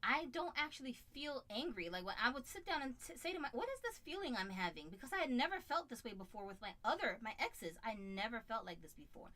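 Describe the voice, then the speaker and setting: A woman co-hosting a casual live chat, animated and quick to act out other people's voices. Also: fairly high pitch. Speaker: co-host.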